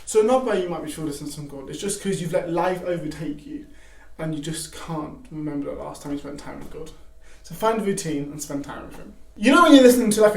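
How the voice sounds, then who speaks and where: A young man giving casual faith advice to camera, animated, acting out excited quotes. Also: fairly high pitch, vocal fry. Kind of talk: casual devotional talk to camera. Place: garage. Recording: echoey garage from a distance.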